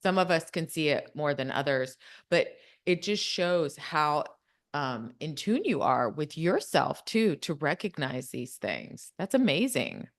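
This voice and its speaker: Low-voiced woman podcast host. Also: lively intonation, a little slow. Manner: warmly affirming, admiring. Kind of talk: casual chat.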